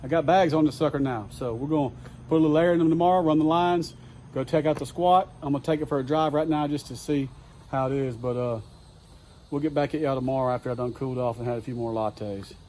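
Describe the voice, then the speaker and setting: A man's voice: medium pitch, fast talker, a little mellow, slight background noise. Cussing Southern guy ranting in his garage. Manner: profane, rambling, exasperated. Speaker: DIY truck vlogger. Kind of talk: casual workshop vlog rant. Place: home garage.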